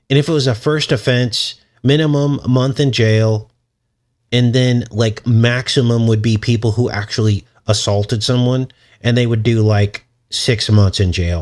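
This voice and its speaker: Low-voiced man rambling to his livestream chat. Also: darkish tone. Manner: rambling, chuckles often, talks to chat. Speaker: channel host. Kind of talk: casual livestream commentary.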